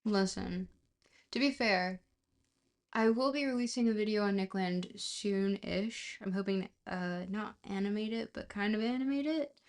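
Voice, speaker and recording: A woman livestreamer reading a book aloud chats casually with her viewers, her talk coming in loose bits that trail off and restart while she laughs at herself. Her voice is medium in pitch and a little slow.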